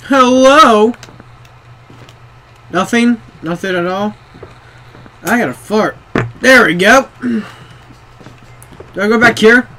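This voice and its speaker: A man's voice: high voice, slow, long pauses, bright, forceful tone. Jumpy swearing young man gaming. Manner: jumpy, swears a lot, talks to himself. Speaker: gamer. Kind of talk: horror game commentary.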